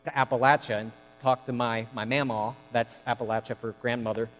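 A man's voice: medium pitch, fairly even intonation, a little fast, hardly any pauses, muffled recording. Man preaching in a reverberant hall. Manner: storytelling, folksy and earnest. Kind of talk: sermon.

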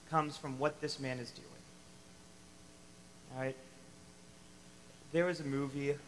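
A man preaching a sermon to a congregation, animated and emphatic, acting out the lines he quotes. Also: medium pitch, in a large hall, slight background noise, low-quality recording. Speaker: pastor.

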